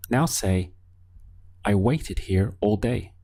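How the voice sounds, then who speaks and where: Male language teacher, deep voice, unhurried, patient prompts with gaps for replies. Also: animated, a little mellow. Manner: slow, patient prompts leaving pauses to answer. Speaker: Spanish teacher. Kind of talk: language lesson.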